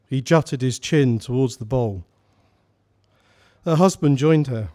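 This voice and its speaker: An author reads his short story aloud at a live salon. He narrates steadily and in a measured way, his voice at an ordinary middle pitch.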